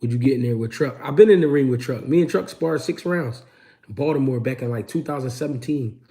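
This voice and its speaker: A man's voice: medium pitch, fairly quick, mellow. A man hosting a casual livestream, answering chat questions and telling street stories in a slangy, laid-back way. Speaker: host.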